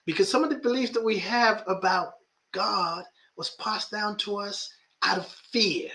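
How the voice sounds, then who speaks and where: A man's voice: sits high, unhurried, bright, forceful tone. A man who is a life coach and podcast host, talking reflectively about spirituality and often repeating phrases for emphasis.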